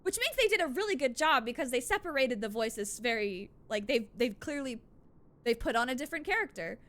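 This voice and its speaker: Giggly, animated woman streamer. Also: high voice, a little fast. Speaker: streamer playing a video game. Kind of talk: casual game-stream commentary.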